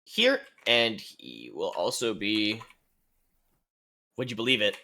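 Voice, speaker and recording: A man with a bright, lively voice jokes through a tabletop wargame in casual chat. He laughs a lot, swears for comic effect, and his pitch swings widely as he talks. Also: slow pace, a little hiss or hum. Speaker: guest wargame player.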